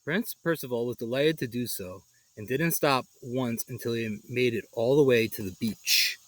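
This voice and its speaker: A man reading a children's picture book aloud, animated and pausing for his own asides. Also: medium pitch, dry recording, poor audio. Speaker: storyteller.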